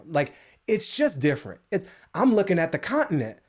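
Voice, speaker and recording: Animated, sarcastic American man. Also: normal speed. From United States. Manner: animated, sarcastic, lively jokes with sudden high pitch jumps. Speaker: guest speaker, comedian. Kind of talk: comedic monologue.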